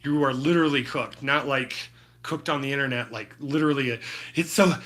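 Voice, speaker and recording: A man's voice: mid-range voice, fairly quick, fairly bright tone. A man chatting casually with his live-stream chat while he paints, laid-back and full of slang. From Utah. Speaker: livestreaming painter.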